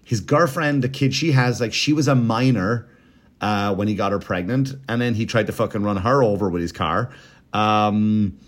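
A man's voice: fairly low pitch, moderate pace. A man hosting a podcast, telling a story in a rambling, profane, casual comedic way, with mocking impressions. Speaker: podcast host.

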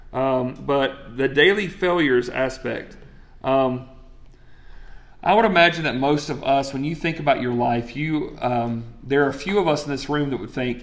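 A man, preaching in a relaxed, chatty way. His voice sits a little high for a man, and he often turns to the crowd with questions. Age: 40s. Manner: conversational, asks the crowd questions. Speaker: pastor. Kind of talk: sermon.

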